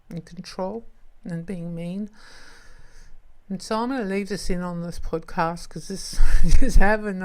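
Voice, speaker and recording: A woman hosting a self-help podcast, talking straight to the listener in a gentle, reassuring way. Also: fairly low pitch. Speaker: podcast host.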